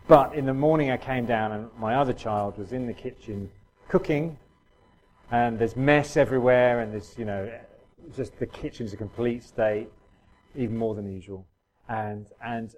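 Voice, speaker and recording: A man's voice: mid-range voice, a little mellow, low-quality recording. A middle-aged man preaching a sermon in a conversational way, full of restarts and fillers.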